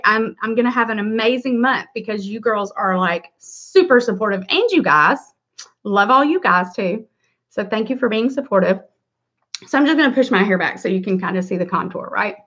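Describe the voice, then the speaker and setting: A woman's voice: a little high, a bit bright. Middle-aged woman, chatty livestream makeup host, upbeat, slightly dull lo-fi audio. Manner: chatty, greets viewers by name, upbeat. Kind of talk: casual livestream makeup tutorial.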